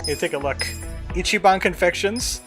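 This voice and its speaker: Soft music plays in the background as a male streamer chats his way through a game, rambling to himself and his viewers. He speaks at a moderate pace in a high-pitched, fairly bright voice.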